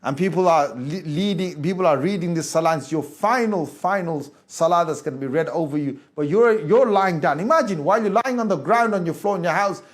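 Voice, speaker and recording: Guy preaching, high voice, goes quiet and low then builds up loud, really dramatic sermon. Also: animated, a little fast, few pauses. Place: mosque hall before a gathering.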